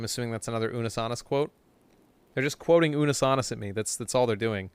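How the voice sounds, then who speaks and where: A man's voice: medium pitch, fast, smooth. A man streaming a game live, joking and swearing while reading the game text aloud. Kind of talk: casual live-stream gaming chat.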